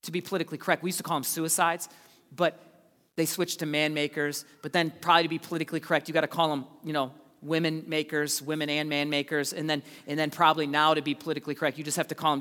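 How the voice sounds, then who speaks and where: Joking preacher in a reverberant hall. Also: male voice, a little high, flat delivery, fast talker. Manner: conversational and joking, swings between loud and hushed. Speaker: pastor. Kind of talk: sermon.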